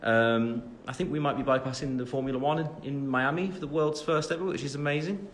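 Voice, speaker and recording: A young Midlands man in his twenties livestreams from his phone camera at home after the gym, casually answering fan questions with many fillers and self-deprecating jokes. His medium-pitched voice runs a little fast, and there's slight background noise.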